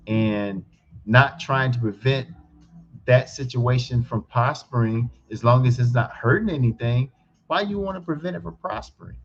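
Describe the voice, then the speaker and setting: A man's voice: mid-range voice, fairly bright tone, lo-fi sound. A man in a casual discussion, talking earnestly and emphatically, repeating his points. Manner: earnest, preachy, emphatic repetition. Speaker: co-host.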